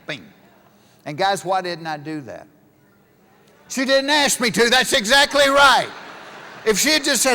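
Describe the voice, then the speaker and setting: A man's voice: very high-pitched, sing-song, unhurried, pauses often, bright, forceful tone. A middle-aged man doing stand-up comedy, telling stories and acting out both sides of conversations. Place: large live venue with an audience. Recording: live show with hall reverb.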